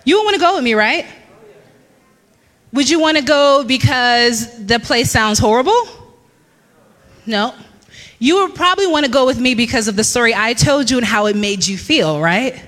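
A woman in her thirties telling a lively personal story to a church congregation, laughing often and acting out what people said. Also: fairly high pitch, moderate pace, pauses often, big-room sound. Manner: animated storyteller, laughs often, acts out quotes. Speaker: church speaker. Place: church hall.

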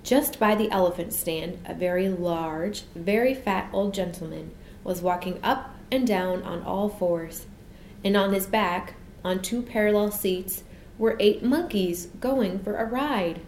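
A woman narrating a children's storybook in a gentle, measured way. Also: mid-range voice. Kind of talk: storybook reading. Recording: echoey room, faint noise.

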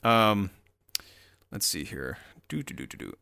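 Guy with a bright punchy voice riffing casually, swears a lot, kinda mocking. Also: on the low side, very animated, unhurried, vocal fry, clean tone. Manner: profane, rambling, mocking asides. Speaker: commentator. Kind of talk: casual commentary while browsing tweets.

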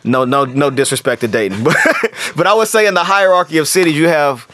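A man's voice: fairly high pitch, fast, fairly bright tone, no echo. Chatty man with a Cincinnati accent. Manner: loose and talkative, many filler likes. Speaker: rapper guest. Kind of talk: casual chat.

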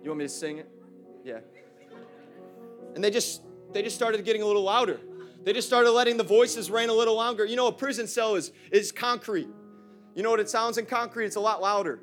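Male preacher, high voice, punchy and bright, casual slang, rallies the congregation in church. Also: a little fast, long pauses, faint music behind. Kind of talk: energetic sermon.

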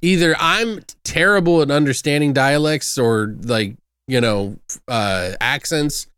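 Young male podcast co-host, loose and profane, clear smooth tone, dry close recording. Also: medium pitch, a little slow, a bit bright, no room sound. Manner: rambling, loose and profane, many fillers. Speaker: podcast co-host, movie reviewer. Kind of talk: casual movie review chat.

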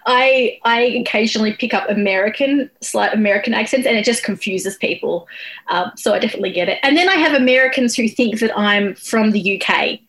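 A woman's voice: a little high, brisk, a bit bright, poor audio. A woman hosting an interview, friendly, chatting casually. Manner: friendly and laughs easily. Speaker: interview host.

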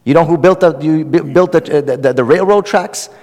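A man's voice: fairly high pitch, fairly quick, darkish tone, in a large hall. A man teaching a religious text to an audience in a conversational, emphatic way, repeating words and asking questions. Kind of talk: sermon-style lecture.

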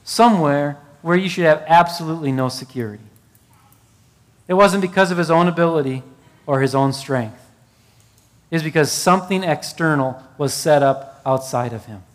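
A middle-aged pastor with a somewhat high voice preaches at a moderate pace in a large hall. He builds his emphasis as he goes and slips in storytelling asides to illustrate his point.

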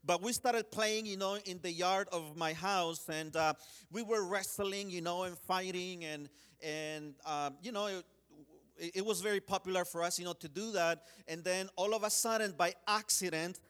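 A man preaching a sermon, telling a personal story in an earnest way, often restarting and saying "you know", swinging between urgent pleas and hushed quiet. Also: sits high, normal speed, smooth.

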